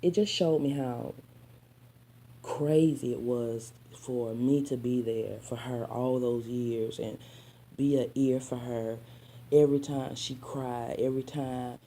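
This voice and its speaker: Talking right to her listeners in a casual storytime, this sassy female vlogger has a dark, mellow voice pitched extremely low, with a steady tone and a slightly slow pace. She addresses people as honey and child, blends in spiritual preaching, and occasionally drops into quiet asides.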